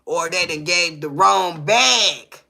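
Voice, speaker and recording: A middle-aged woman, hosting a livestream and telling a story in an animated, cursing way, often asking "you hear me?". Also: lowish voice, slow, vocal fry. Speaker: livestream host. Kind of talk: casual storytelling.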